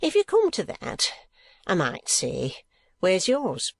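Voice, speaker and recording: A man's voice: high voice, huge pitch swings, slow pace, creaky, no echo, voice pushed up, heavily acted. A man voicing a coarse, evasive middle-aged schoolmaster who talks in ungrammatical rustic speech and pleads his way around hard questions. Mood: defiant.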